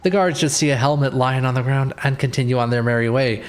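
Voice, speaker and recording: A man's voice: mid-range voice, steady tone, fast, close to an everyday voice. A man reading aloud as a cheeky, boastful little male fairy sidekick. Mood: cocky. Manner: chatty, teasing read-aloud of game dialogue.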